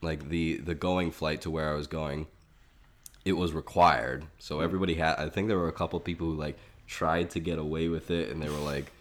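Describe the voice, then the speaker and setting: A man with a very low voice talks through a film in casual podcast chat. He is analytical and steers the conversation, weighing each point before moving on. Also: fairly even intonation, fairly quick. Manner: analytical, leading the discussion.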